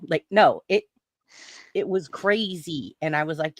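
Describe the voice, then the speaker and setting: A woman's voice: deep voice, expressive, a little slow, dry recording. A woman hosting a casual chat, telling a story with laughter and acting out the lines she quotes. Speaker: stream host.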